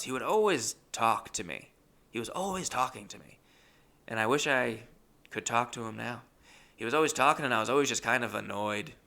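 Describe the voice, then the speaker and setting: A young man tells rambling comic stories, often breaking off mid-sentence and swearing casually. His voice is gravelly, with a bright, forward edge. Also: medium pitch, brisk. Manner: rambling, swearing, self-interrupting. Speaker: comedian.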